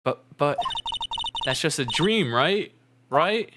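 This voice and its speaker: A man's voice: fairly high pitch, expressive, takes it slowly, very noisy. A man voicing a troubled male prosecutor in a brooding, haunted inner monologue. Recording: loud game music behind.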